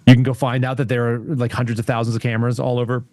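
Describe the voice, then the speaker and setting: Rambling, animated male guest, dry sound. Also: medium pitch, very fast, dry recording. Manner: rambling, animated storyteller with frequent laughs. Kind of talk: casual political talk.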